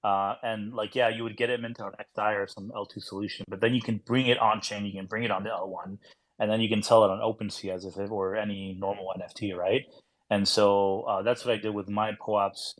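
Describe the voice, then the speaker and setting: A man with a lowish voice chats casually on a podcast, rambling along with plenty of fillers and restarts. He keeps things loose and conversational. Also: flat delivery, brisk. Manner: rambling, heavy use of "like".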